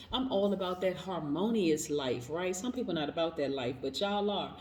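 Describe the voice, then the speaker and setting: A woman giving an upbeat tarot reading to camera, hyping her viewers with quick motivational chatter and affirmations. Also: mid-range voice, echoey room. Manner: energetic, hype-style motivational chatter with affirmations. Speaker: tarot reader.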